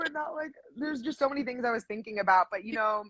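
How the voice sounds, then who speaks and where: A young woman with a slightly husky voice tells stories in a chatty, animated way, full of fillers and quick asides. She sounds close to the mic in a dry space, as if speaking on a live stream. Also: fairly high pitch, dry recording. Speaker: voice actress guest. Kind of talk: casual live-stream interview.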